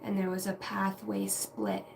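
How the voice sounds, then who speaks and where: A tarot and intuitive reader hosts a livestream in a gravelly, medium-pitched voice that is very animated yet measured in pace. She wanders reflectively from topic to topic, casually profane and chatty. The mic sits some distance away, and faint background hum lingers.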